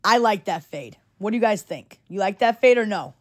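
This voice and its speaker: A woman livestreams to her chat in an expressive, mid-range voice at normal speed. Speaking casually and earnestly, she urges viewers to ignore hate online, repeating herself and often checking in with "okay?"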